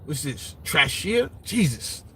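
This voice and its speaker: A man speaks slowly at a fairly high pitch, with a little background noise behind him. Based in Brooklyn, he gives casual opinions while answering viewer comments, animated and mocking, and he keeps repeating "you understand?"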